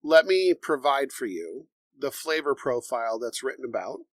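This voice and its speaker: A man co-hosting a casual bourbon tasting podcast, explaining bottles and reading tasting notes in a measured way. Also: mid-range voice, big pitch swings, no echo. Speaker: podcast co-host.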